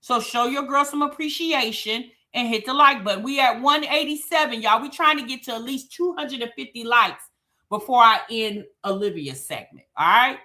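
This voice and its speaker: Woman streamer, high bright voice, breathless auctioneer-style chant. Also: normal speed. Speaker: livestream host. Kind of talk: casual livestream chat.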